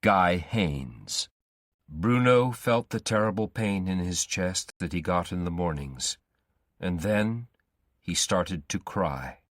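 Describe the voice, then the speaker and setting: A man reading a simplified story aloud slowly and deliberately for English learners. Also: deep voice, lively intonation, fairly bright tone, no room sound, studio quality. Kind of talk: graded reader narration for English learners.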